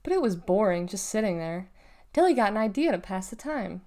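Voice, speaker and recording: A woman reading a children's novel aloud in a lively, expressive storytelling manner. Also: mid-range voice, a little fast. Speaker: reader.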